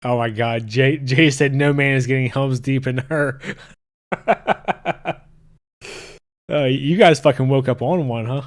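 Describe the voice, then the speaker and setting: A man's voice: medium pitch, takes it slowly, pauses often. A man hosting a casual podcast, ranting and joking crudely while reading his live chat. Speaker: podcast host.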